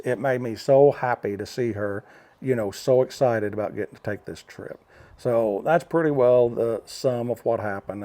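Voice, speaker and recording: Mellow-voiced older American man vlogging. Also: medium pitch. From United States. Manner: rambling storytelling with fillers and restarts. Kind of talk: casual talking-head vlog.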